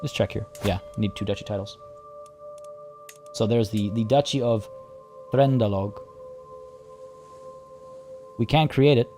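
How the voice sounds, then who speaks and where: A man plays a strategy game on stream, chatting casually with his viewers, thinking out loud and responding to chat. His fairly low, mellow voice moves at a measured pace with long pauses, and soft music plays in the background.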